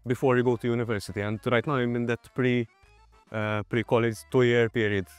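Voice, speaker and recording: Relaxed young man with a Maltese accent. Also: medium pitch, a little fast, clear, resonant tone, no room sound, soft background music. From Malta. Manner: relaxed, friendly, says "you know" often. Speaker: water polo player, guest. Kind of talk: casual interview answers.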